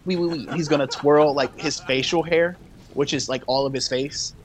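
A man's voice: a little high, fairly even intonation, moderate pace. A man playing a tabletop game in casual chat, joking loosely with many fillers. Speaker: player.

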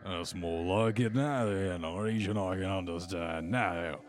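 A man voicing a gruff, suspicious male ship captain who drawls and tacks "eh?" onto his lines. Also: deep voice, unhurried. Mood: bargaining.

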